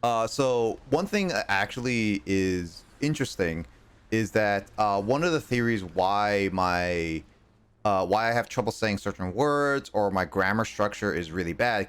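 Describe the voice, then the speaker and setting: Game streamer, man, lowish clean voice, chatty and rambling, R leans toward L. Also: a bit bright, clear, resonant tone. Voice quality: R sounds bend toward L. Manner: rambling, full of fillers and restarts. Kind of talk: casual chat while gaming.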